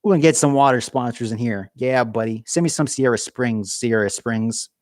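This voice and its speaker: A man's voice: medium pitch, moderate pace, no room sound, studio quality. A man chatting on a casual livestream from his cold garage, rambling and joking at his own expense. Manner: rambling, jokey, self-mocking. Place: home garage.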